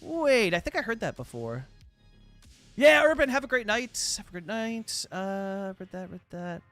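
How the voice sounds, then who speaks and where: Young man, Canadian accent, high-pitched, chatty and rambling, casual game live stream. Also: expressive, a little slow, fairly bright tone, no echo, soft background music. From British Columbia, Canada. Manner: rambling and chatty, heavy with fillers, reacting to viewer chat. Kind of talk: casual live-stream chat while playing a city-building game.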